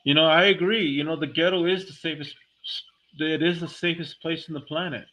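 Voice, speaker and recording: A man's voice: fairly high pitch, fairly even intonation, fairly quick, fairly bright tone. A man delivering a heated, blunt, profane monologue as a vlogger, talking casually and speaking his mind. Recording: dull lo-fi recording.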